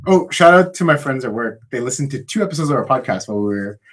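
A man co-hosting a podcast, chatting casually and retelling movie scenes with quick laughs. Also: medium pitch. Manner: animated storytelling, quick laughs. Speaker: podcast co-host. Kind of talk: casual chat.

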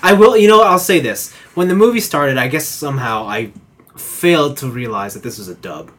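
A man's voice: medium pitch, lively intonation, normal speed, fairly bright tone. A man co-hosting a casual podcast chat, acting out his own reactions in quoted voices. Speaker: podcast co-host.

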